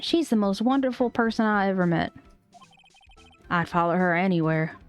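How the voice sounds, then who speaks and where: A woman's voice: mid-range voice, lively intonation, moderate pace, clean tone, soft background music, lightly acted. A woman doing a flustered lovesick young man. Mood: smitten. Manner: stammering, flustered. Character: nervous lovesick young man with a put-on Southern drawl.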